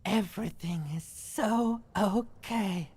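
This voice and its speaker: A woman voicing the limbic system in a video game, speaking in a slow, insinuating, eerie way with a raspy, hoarse whisper of a voice. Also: medium pitch, a little mellow. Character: limbic system, hissing, needy, sorrowful.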